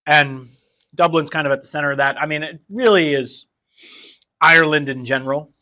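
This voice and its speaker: A man's voice: a little high, brisk, sharp tone. A man, a teacher, chatting casually with a student over wings, jokey and rambling. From New Jersey.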